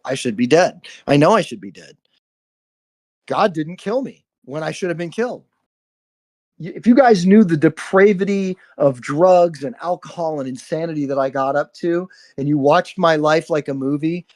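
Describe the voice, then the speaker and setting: Man, slightly high voice, live stream host, spiritual monologue, profane, earnest. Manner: earnest, profane, repeats "right?".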